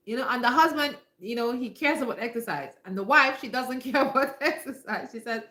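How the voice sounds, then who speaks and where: A woman with a bright, sharp, fairly high voice gives casual live-stream health advice from home. She talks emphatically, hammers her points home by repeating them, and speaks straight to her viewers. The room sounds echoey. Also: a little fast, few pauses. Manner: emphatic and repetitive, addressing viewers directly. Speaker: health talk host.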